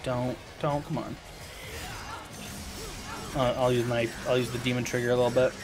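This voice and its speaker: A man's voice: medium pitch, flat delivery, moderate pace, music in the background. An American man casually rambling to viewers while streaming a video game, often correcting himself mid-sentence. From United States.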